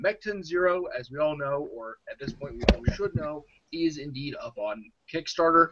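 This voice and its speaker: A man's voice: fairly high pitch, animated, normal speed, crowd noise. A man hosting a live gaming stream, chatty and rambling, laughing often. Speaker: show host. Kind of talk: casual live-stream interview. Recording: slightly dull lo-fi audio.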